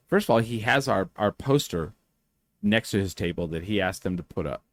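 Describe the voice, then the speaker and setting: Man, podcast host, animated, profane, casual storytelling, dry sound. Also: lowish voice, brisk, no room sound.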